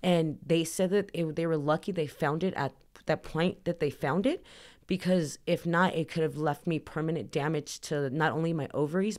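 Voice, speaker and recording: A woman's voice: low-pitched, a little mellow. A woman in her thirties, a podcast guest, telling her personal story candidly in a chatty way, full of "like" and acted-out dialogue. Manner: chatty, heavy use of "like", acts out dialogue.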